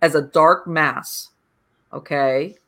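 A woman's voice: low voice, fairly even intonation, slow, bright, forceful tone. A woman hosting an interview podcast, explaining hypnosis sessions and checking in with "okay?". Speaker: podcast host.

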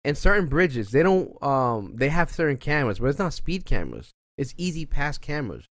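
A man's voice: fairly high pitch, a little fast, no echo, studio quality. Rambling swearing New man. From the Bronx, New York. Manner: rambling, swears freely, animated asides. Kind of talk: casual podcast chat.

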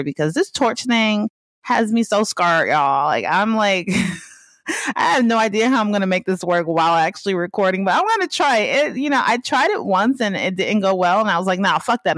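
A woman's voice: lowish voice, a bit bright, no room sound. A woman hosting a casual solo podcast from her apartment, laid-back and laughing often, drawling some words. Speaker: podcast host. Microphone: podcast microphone at home.

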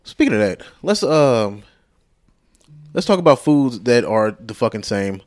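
A man's voice: mid-range voice, very animated, measured pace, darkish tone. A man co-hosting a podcast in casual chat, laid-back and rambling, with some swearing. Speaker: podcast co-host.

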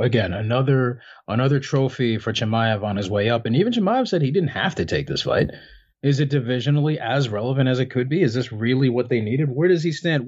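A husky man co-hosting a casual fight-sports chat. He rambles through his analysis, full of fillers and restarts. The audio is dull and lo-fi. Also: mid-range voice, darkish tone. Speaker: MMA podcast co-host.

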